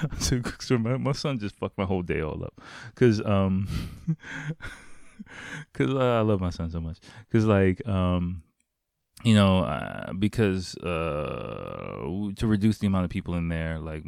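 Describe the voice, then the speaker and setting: A man's voice: deep voice, darkish tone, dry recording, clean studio sound. A man in a casual vlog monologue, rambling and profane, full of fillers, living in Japan. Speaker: vlogger. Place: home in Japan.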